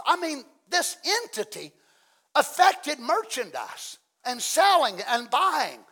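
A middle-aged man preaching a fiery sermon as pastor, swinging from hushed asides to loud shouting. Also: very high voice, sing-song, unhurried.

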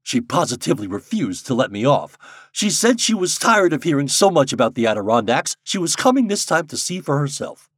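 A man voicing a hearty, bossy older gentleman who teases and boasts loudly. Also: big pitch swings, fairly quick, husky, no echo, studio quality, exaggerated voice. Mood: jovial. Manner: booming, boastful, teasing.

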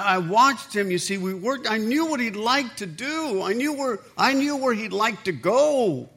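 Pastor, man, high voice, energetic storyteller who plays out the dialogue in his sermon. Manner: animated storytelling, acts out quoted dialogue.

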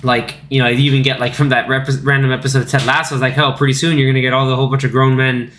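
A man's voice: mid-range voice, level tone, racing, a bit bright, a little hiss or hum. A man in his thirties hosting a casual podcast chat, talking loosely with lots of fillers and acting out quotes in little put-on voices. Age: 30s. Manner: chatty, acts out lines from the film in quoted voices. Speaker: podcast host.

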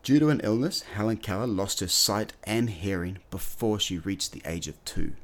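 A man's voice: lowish voice, normal speed. A man hosting an educational podcast, telling a story in an earnest way with the odd filler word. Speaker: podcast host.

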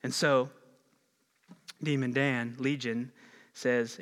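Animated man preaching in a reverberant hall. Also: on the high side, normal speed. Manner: animated, conversational, slangy storytelling. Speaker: pastor. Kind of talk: sermon. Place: church auditorium. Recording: long reverb of a church hall.

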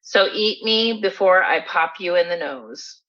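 Woman doing a big horned storybook goat, insistent and scrappy, bright tone, dull lo-fi. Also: fairly low pitch, expressive, unhurried. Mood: combative. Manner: insistent, combative. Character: huge horned billy goat, stubbornly self-blaming. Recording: dull lo-fi recording.

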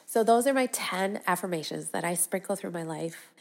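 A middle-aged woman hosting a solo podcast, speaking earnestly and sinking into a soft breathy hush as she repeats affirmations. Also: on the low side, normal speed. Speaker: podcast host. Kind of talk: reflective solo podcast talk.

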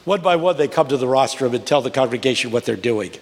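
Old man in his 80s preaching, rhythmic, swoops up high on the big lines, echoey church. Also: animated, fast, a little mellow. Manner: rhythmic preaching cadence, rising to high emphatic peaks. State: unwell. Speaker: guest preacher. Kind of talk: sermon with storytelling. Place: large church. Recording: long reverb of a large church.

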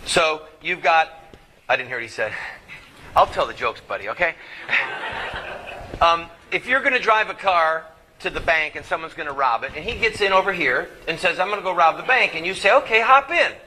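A man delivers a fervent speech to a live audience, pressing them with one rhetorical question after another. His voice sits fairly high and carries a preaching drive. The recording is noisy, with a steady hiss and hum behind him. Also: moderate pace. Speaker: activist speaker.

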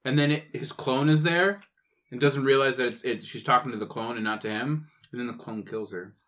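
A man's voice: mid-range voice, a little fast, fairly bright tone. Joking man at a gaming table. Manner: joking, playful. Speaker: player. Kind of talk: casual tabletop game chat.

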